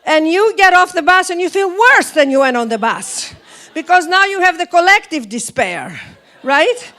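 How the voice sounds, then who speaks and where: Greek-accented woman, motivational speaker, lively storytelling with big swings in her voice. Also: extremely high pitch, moderate pace. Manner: animated storytelling, swooping up and down. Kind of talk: motivational talk.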